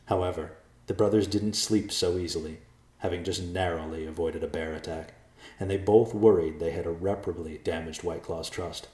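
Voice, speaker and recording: A man narrating a storybook in a calm, measured way. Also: deep voice. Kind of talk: storybook reading. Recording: echoey room.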